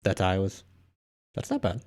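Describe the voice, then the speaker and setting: A man's voice: deep voice, huge pitch swings, normal speed, darkish tone. A man hosting a casual live stream, rambling offhand through viewer comments with frequent asides. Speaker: livestream host.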